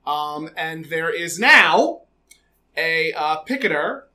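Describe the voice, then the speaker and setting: A man's voice: fairly high pitch, lively intonation, slow pace, sharp tone. A man co-hosting a podcast, chatting casually with fillers and frequent laughter. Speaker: podcast co-host. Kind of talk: casual chat recapping a TV episode.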